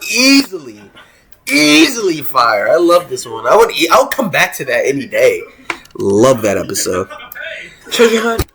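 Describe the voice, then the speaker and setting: Excitable young man rambling about rankings. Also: medium pitch, normal speed. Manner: excited, rambling, with many restarts and slang. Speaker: video host ranking cartoon episodes. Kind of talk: casual tier-list commentary.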